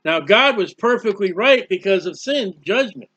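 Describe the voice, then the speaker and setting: Earnest high-voiced man preaching scripture. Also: animated, moderate pace, sharp tone. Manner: earnest, rambling, reads scripture aloud. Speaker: Bible teacher. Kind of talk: informal Bible study sermon. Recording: dull lo-fi recording.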